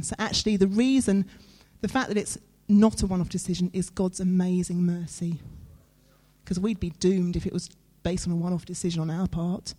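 A woman preaches in a warm, mellow voice. She talks to her listeners in an earnest, conversational way and leans on dramatic pauses. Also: fairly low pitch, fairly even intonation. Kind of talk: sermon.

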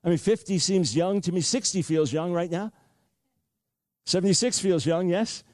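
An older man delivers a sermon in a fairly high voice, recounting his own story with earnest repetition. The sound is close and dry, with no room around it. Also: normal speed, a little mellow, no room sound. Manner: earnest storytelling with frequent repeats. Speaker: preacher.

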